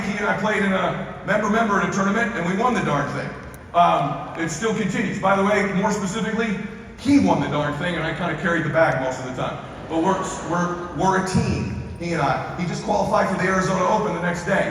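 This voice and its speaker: Middle-aged male motivational speaker, forceful and repetitive, slightly high-voiced, recorded from afar in a large echoing hall. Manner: emphatic, repeats key phrases. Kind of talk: motivational stage speech. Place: large hall with a live audience. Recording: echoey hall, from far off, with ambient noise.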